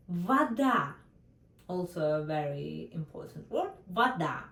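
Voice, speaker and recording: A woman with a Russian accent teaching a language lesson, slowly repeating example words and checking in with her students. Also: medium pitch, fairly bright tone, far from the mic. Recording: roomy echo, a bit off mic.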